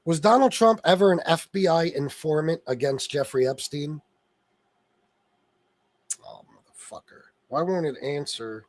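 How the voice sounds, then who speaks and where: A man's voice: fairly high pitch, normal speed, hardly any pauses, no room sound. A man hosting a political livestream, reading chat and ranting angrily with lots of swearing. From Sicilian heritage. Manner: angry, profane ranting at viewers.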